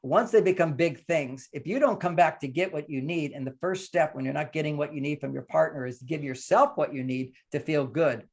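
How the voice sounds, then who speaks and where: Older male relationship expert, gravelly voice, slightly high-pitched, emphatic lecturing guest. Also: brisk, few pauses. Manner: emphatic, lecturing, acts out quoted partners. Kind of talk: podcast conversation, advice.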